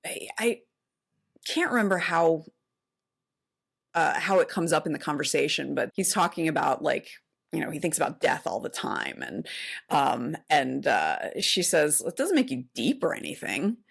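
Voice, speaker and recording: A woman's voice: sits low, unhurried, gravelly, slightly rough. A woman in her forties co-hosting a podcast, chatting casually and retelling a film with lots of fillers and restarts. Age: 40s. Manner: animated retelling with many fillers. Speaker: podcast co-host. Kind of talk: casual chat.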